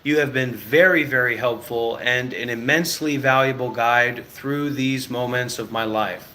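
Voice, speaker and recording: A sarcastic man hosting a livestream, talking bluntly and teasing the people around him. His voice is bright and forward, and a faint background hiss sits under it. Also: mid-range voice, moderate pace. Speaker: livestream host. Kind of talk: casual livestream chat.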